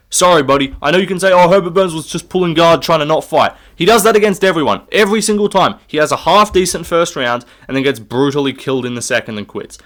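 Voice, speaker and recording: A man's voice: a little high, a bit bright. A young man, giving his fight picks in a rambling, profane, opinionated solo rant while standing up to record. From Australia. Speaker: MMA fight predictor.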